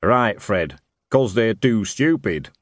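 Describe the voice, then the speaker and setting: A man's voice: on the low side, expressive, slow pace, dry recording, studio quality. A man doing a big, plainspoken restaurateur. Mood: matter-of-fact. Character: huge, easygoing restaurant owner.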